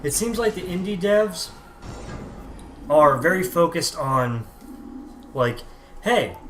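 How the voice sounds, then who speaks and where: Animated, joking gaming streamer. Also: male voice, fairly high pitch, slow, faint music behind. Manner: joking, coaching the others through the game. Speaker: streamer and podcast co-host. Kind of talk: casual gaming chat.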